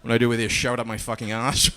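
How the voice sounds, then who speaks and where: A man's voice: medium pitch, little pitch movement, racing, noisy background. A middle-aged Australian man doing a stand-up comedy set on a club stage, dry and profane with hesitant fillers.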